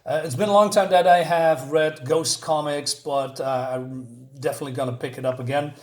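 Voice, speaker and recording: A man recapping a comic book plot in a casual video review, full of pauses and fillers. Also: fairly high pitch, steady tone, a little mellow. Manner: hesitant, many fillers while retelling a plot.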